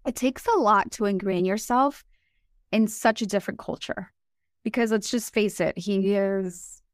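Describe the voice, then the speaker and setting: A woman in her forties, born in Colombia, telling animated and emotional stories as a podcast co-host. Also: mid-range voice, unhurried, no room sound, clean studio sound. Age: 40s. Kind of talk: casual chat.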